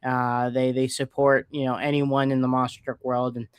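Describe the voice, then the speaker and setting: A man's voice: medium pitch, level tone, moderate pace, clean tone, no room sound. A man from West Virginia co-hosting a casual chat, rambling and joking and often tripping over his words. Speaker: podcast co-host.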